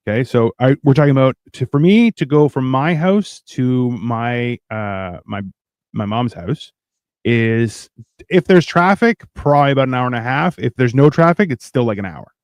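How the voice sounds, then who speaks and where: A man's voice: mid-range voice, animated, moderate pace, no room sound. Rambling, storytelling man, dry close sound. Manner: rambling anecdotes, acting out quotes with playful voices. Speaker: podcast co-host. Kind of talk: casual storytelling chat.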